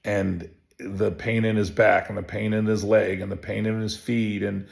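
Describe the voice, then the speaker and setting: A chiropractor telling a personal story in a relaxed, rambling way, full of restarts and fillers. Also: male voice, on the low side, moderate pace, vocal fry. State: emotional. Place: home.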